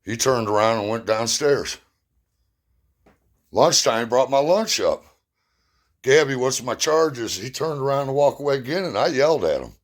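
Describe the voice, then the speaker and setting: A man's voice: medium pitch, lively intonation, moderate pace. A man with a mid-range voice tells personal stories from his own life. His delivery is blunt and plain-spoken, and he stresses his points hard as he retells them. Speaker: storyteller. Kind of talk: personal storytelling.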